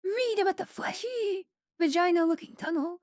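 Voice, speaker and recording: A woman co-hosting a game stream, teasing in casual chat and calling her partner darling. Her voice sits high. It sounds dry and close. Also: moderate pace, a little mellow, no room sound. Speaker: streamer co-host.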